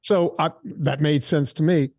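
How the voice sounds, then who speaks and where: A man in his sixties, a fitness trainer telling stories in a casual interview, animated and full of quoted asides and restarts. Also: a little high, measured pace, dry recording, studio quality. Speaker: fitness trainer and podcast guest.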